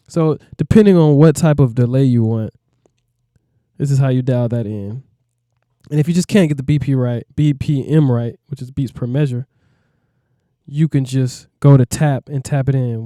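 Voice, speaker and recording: A man's voice: mid-range voice, normal speed, mellow, no echo, studio quality. A man, a music producer, walking through a plugin in a laid-back, rambling way, often asking "you know what I mean". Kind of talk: casual tutorial walkthrough.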